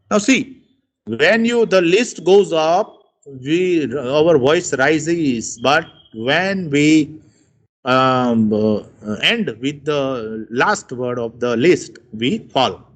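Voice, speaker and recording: A man's voice: on the high side, a bit bright. A man, not a native English speaker, giving a recorded English lesson and acting out rising and falling tones as he explains them. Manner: slow, deliberate, demonstrating tones by exaggerating rises and falls. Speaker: English teacher.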